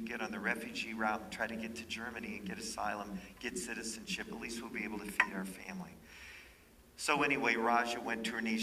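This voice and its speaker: A man preaching to a live audience, telling a story dramatically and dropping to hushed whispers. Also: lowish voice, distant mic, a little hiss or hum, low-quality recording.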